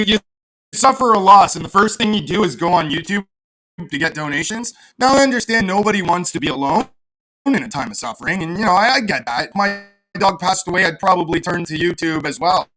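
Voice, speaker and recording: A male livestreamer on a desktop mic, ranting sarcastically and swearing freely as he answers chat. His voice sits high and comes across bright and sharp. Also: expressive, a little fast. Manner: profane, sarcastic, reads chat aloud. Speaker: livestream host. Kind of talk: casual livestream rant.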